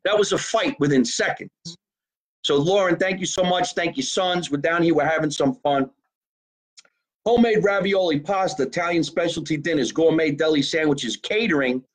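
An animated podcast host, talking in a slightly higher voice than most men. He chats casually and swears freely as he chats from a basement. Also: moderate pace, low-quality recording. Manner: animated, profane, plugging a local deli. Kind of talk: casual live-stream chat.

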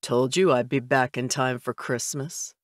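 A woman reading an audiobook voices a solemn male vampire who speaks in a low, measured way. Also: no room sound, clean studio sound, lightly acted. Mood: grave. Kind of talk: audiobook character voice.

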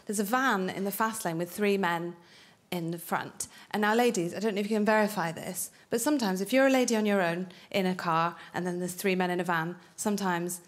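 A woman's voice: medium pitch, steady tone, brisk, hardly any pauses. Cheeky North Welsh woman doing stand-up. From North Wales. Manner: chatty, cheeky and laughing through punchlines. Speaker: stand-up comedian. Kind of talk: stand-up comedy set.

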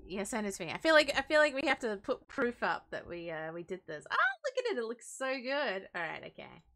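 A woman's voice: mid-range voice, animated, a little fast, fairly bright tone. A young woman co-hosting a live stream in casual chat, giggly and teasing. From Great Britain. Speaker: stream co-host.

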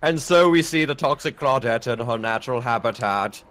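A man's voice: mid-range voice, lively intonation, moderate pace, a bit bright. A man joining as a guest co-player, chatting casually and laughing often. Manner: laid-back, laughs often. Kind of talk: casual gameplay chat.

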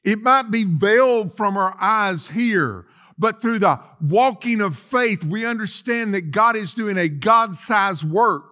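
A male preacher delivering a sermon, his voice high and lively, rising and falling across a wide range. He drops to quiet asides and then swells into loud declarations. His tone is bright and ringing. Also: slow pace. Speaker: lead pastor. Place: church sanctuary.

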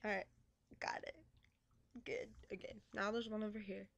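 A woman's voice: mid-range voice, flat delivery, moderate pace, creaky, a bit bright, no echo. A young woman chatting casually and playfully on a webcam vlog, teasing and giggling. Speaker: vlogger. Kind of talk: casual chat.

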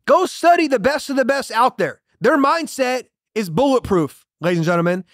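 A man's voice: very high voice, expressive, normal speed, a bit bright, no room sound, clean studio sound. A man in his thirties hosting a motivational show, preaching with punchy emphasis and repeated catchphrases. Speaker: motivational podcast host. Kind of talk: motivational monologue.

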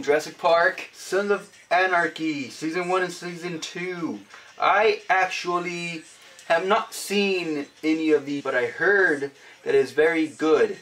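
A man casually chatting as he opens fan mail for his vlog, upbeat and often shouting out exclamations. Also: fairly high pitch, slight background noise. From United States. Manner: upbeat, punctuates items with loud exclamations. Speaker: vlogger opening fan mail.

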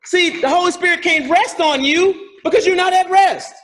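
High-voiced preaching pastor. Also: male voice, normal speed. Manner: preaching with call-and-response questions, swings from quiet to shouting. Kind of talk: sermon.

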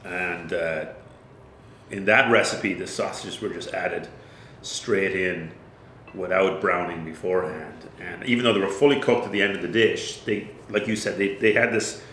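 A man's voice: sits low, fairly even intonation, moderate pace, fairly bright tone. An Irish brewmaster, a man, chatting casually as a guest and explaining things thoughtfully with plenty of fillers. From Ireland. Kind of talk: casual chat. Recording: roomy echo, faint noise.

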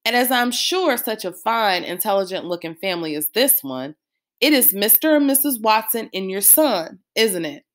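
A woman's voice: mid-range voice, lively intonation, moderate pace, close to an everyday voice. A woman doing a showman dad's salesman patter. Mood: mock salesman. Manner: mock salesman patter, grandiose. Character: playful showman father, putting on a sales pitch.

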